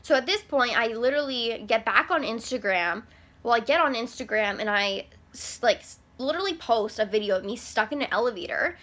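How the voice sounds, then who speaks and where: A young woman tells a story to her camera in a loose, rambling way, sprinkling "like" through nearly every sentence. Her voice is bright and sits a little high. The delivery is casual and conversational. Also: expressive, fairly quick. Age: young adult. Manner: chatty, rambling, filler-heavy with frequent "like". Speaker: vlogger.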